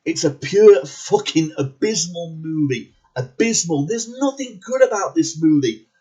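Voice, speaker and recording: A man's voice: fairly high pitch, lively intonation, a little slow, warm tone, slightly rough, muffled recording. A man ranting angrily about a movie as a reviewer, swearing constantly and repeating words for emphasis. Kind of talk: angry profane movie rant.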